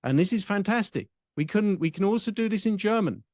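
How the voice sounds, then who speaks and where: A man with an English accent, a speech and public speaking coach, giving a reflective teaching monologue in a measured, deliberate way with long pauses. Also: high voice, animated, a little mellow, dry recording, studio quality.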